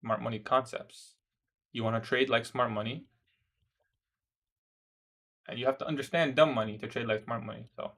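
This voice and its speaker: Young male streamer, laid-back and conversational, reads chat aloud, mid-pitch everyday voice. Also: steady tone, normal speed, vocal fry, long pauses, fairly bright tone. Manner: casual, says "bro" often, laughs at odd questions. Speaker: day trader livestreaming. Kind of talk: casual livestream chat reading viewer questions.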